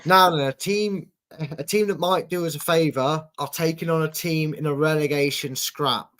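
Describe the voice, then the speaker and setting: A man's voice: on the high side, moderate pace, fairly bright tone. A man hosting a casual football prediction show, chatty and teasing as he reads out viewer predictions. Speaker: host.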